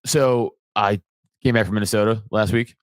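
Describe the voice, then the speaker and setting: A man's voice: fairly low pitch, fairly even intonation, moderate pace, dry recording, studio quality. A man co-hosting a podcast in casual chat, swearing, laughing and rambling, sleepy from a long night. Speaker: podcast co-host.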